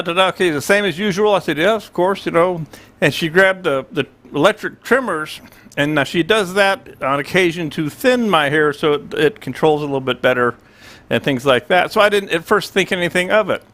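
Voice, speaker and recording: This livestream host is a man in his sixties talking loosely from a small home studio, his voice a touch high for a man and somewhat bright. He's a rambling storyteller who acts out both parts of every exchange on his own.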